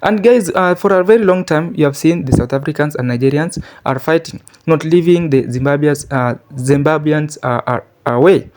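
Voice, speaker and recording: Male channel host, slightly high voice. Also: moderate pace, hardly any pauses, a little mellow. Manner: hesitant, many fillers. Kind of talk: commentary to camera.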